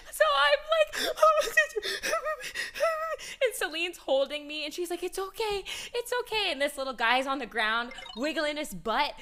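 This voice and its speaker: Young woman, streamer, casual chat, bright tone, loose and profane. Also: on the high side, clean tone. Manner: chatty, swears freely, many fillers.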